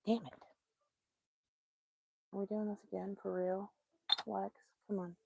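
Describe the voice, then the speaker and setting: A woman's voice: mid-range voice, flat delivery, measured pace, creaky, breathy edge, no echo, phone-quality sound. A woman, hosting a casual crochet livestream, talking to herself and muttering in exasperation as she works. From Texas. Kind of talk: casual live-stream chat while crocheting.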